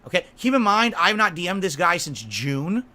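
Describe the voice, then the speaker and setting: A man's voice: sits high, very animated, normal speed, sharp tone. A man on a livestream, ranting in an aggrieved, emphatic way, swearing and asking his viewers "right?" again and again. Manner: aggrieved, repeatedly asks "right?" and "okay?". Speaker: streamer.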